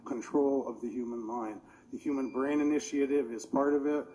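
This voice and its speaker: A man's voice: medium pitch, steady tone, moderate pace, mellow, low-quality recording. A man giving earnest, rambling, technical testimony as a public commenter at a meeting.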